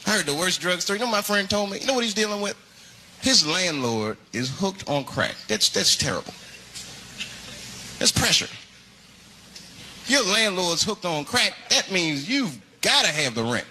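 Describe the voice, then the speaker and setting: A man doing stand-up comedy, telling a story in an animated way and acting out the voices. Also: sits high, moderate pace, long pauses. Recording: loud crowd noise of a live stand-up show.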